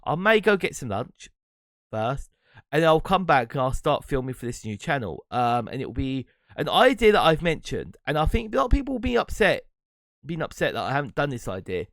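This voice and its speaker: A man hosts his own podcast solo, musing in a loose, rambling way and laughing between thoughts. His voice sits a little high and swoops up and down with lively pitch. The sound is dry and close, with no room around it. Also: brisk, vocal fry, no room sound. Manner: rambling, reflective, breaks into laughs. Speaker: podcast host and streamer. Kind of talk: casual solo monologue.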